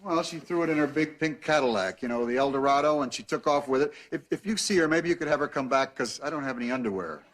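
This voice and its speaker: A man's voice: mid-range voice, quick pace, hardly any pauses, lightly acted. An actor playing a put-upon, exasperated middle-aged father in a sitcom. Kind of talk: sitcom acting. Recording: loud-noise TV broadcast audio.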